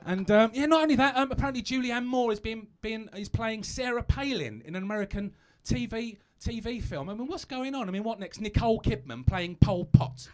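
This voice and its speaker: A man's voice: extremely high pitch, brisk, hardly any pauses. A British man doing a stand-up comedy set on a live stage, chatty and self-mocking, stumbling over asides.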